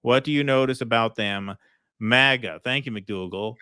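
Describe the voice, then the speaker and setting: A man's voice: medium pitch, moderate pace, sharp tone, smooth, no room sound, clean studio sound. A man hosting a casual political livestream, reading out viewer comments and thanking donors, chatty with many ums and restarts. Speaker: host reading viewer super chats.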